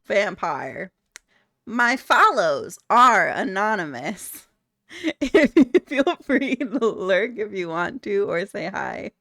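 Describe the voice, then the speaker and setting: A woman's voice: mid-range voice, big pitch swings, takes it slowly, pushed and bright, no room sound, studio quality, soft background music. A young adult woman streamer chatting casually with viewers, giggly and playful, swearing freely. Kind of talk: casual chat reading out viewer messages.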